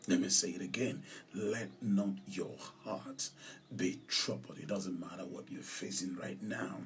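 Male pastor, podcast sermon; deep gravelly voice, slow emphatic delivery, soft music behind. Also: distant mic. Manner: slow, emphatic, repeats lines, drops to whispers for emphasis.

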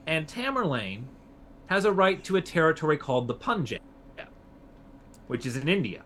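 A man's voice: a little high, sing-song, normal speed, a bit bright, a little hiss or hum. A man co-hosting a history podcast, telling the story casually with fillers and restarts. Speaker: podcast co-host.

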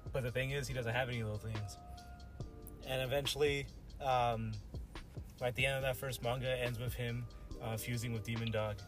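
A man's voice: medium pitch, fairly even intonation, brisk, pauses often, over music. A young man co-hosting a casual podcast chat, slangy and swearing, laughing often. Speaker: podcast co-host.

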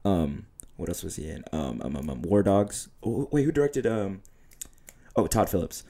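A young man with a low, deep voice and a dark, mellow tone. He co-hosts a podcast and chats casually about films, laid-back and slangy, swearing freely. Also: normal speed. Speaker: podcast co-host.

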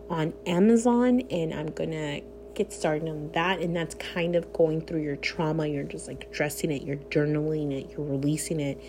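Earnest woman with a low, mellow voice. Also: a little hiss or hum. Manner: earnest, heartfelt, speaks directly to viewers. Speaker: vlogger. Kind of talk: candid personal vlog talk.

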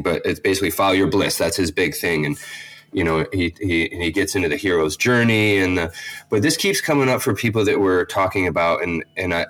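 A man's voice: low-pitched, fairly bright tone. A man hosting a podcast, talking in a rambling, reflective way with many restarts. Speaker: podcast host. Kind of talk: casual interview chat.

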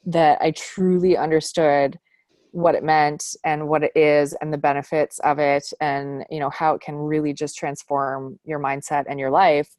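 A woman's voice: low-pitched, level tone, normal speed, darkish tone, no room sound, clean studio sound. A woman in a casual conversation, talking earnestly and reflectively, with frequent small laughs.

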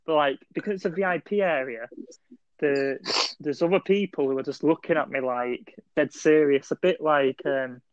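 A young man tells a rambling story in a slightly high voice, full of "like" and "um". The sound is dry and dead, with nothing of the room in it. It is a little dull and lo-fi. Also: moderate pace, dry recording. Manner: rambling storyteller with many fillers. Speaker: podcast co-host. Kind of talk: casual chat, telling a dream story.

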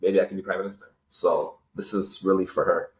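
A man's voice: low voice, flat delivery, fairly quick, darkish tone, roomy sound, poor audio. A young man in his twenties, a guest telling a personal story in an earnest, emotional way with many fillers. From Canada. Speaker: interview guest.

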